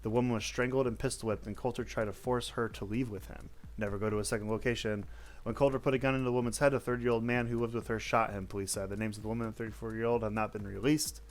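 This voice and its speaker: A man's voice: fairly low pitch, level tone, quick pace. A man hosting, reading news stories aloud with blunt, offhand asides and some cursing. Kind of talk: casual news read-through with commentary.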